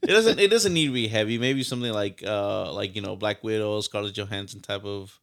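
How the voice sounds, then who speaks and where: A man's voice: on the low side, brisk, a bit bright. A man co-hosting a podcast in casual chat, rambling with lots of fillers. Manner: rambling, heavy use of fillers. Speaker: podcast co-host.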